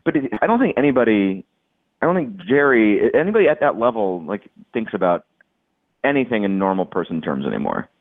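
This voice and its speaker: A man's voice: fairly low pitch, sing-song, brisk, no room sound. A man talks loosely in a casual podcast chat and keeps circling back with restarts and filler. His voice comes through a narrow, tinny line that sounds like a phone call. The sound is dry and close, with no room around it. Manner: rambling, many restarts and "like"s.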